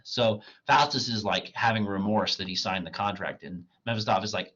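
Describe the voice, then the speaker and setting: Male professor, casual lecture voice, husky and bright, cracking, lo-fi sound. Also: lowish voice, brisk, hardly any pauses. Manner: casual, paraphrasing in everyday speech. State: voice cracking, strained. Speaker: literature professor.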